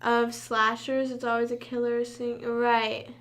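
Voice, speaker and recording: Bright-voiced young woman chatting on stream. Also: on the high side, completely flat delivery, unhurried. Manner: chatty, rambling, hums to herself. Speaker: livestream host. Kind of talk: casual live chat.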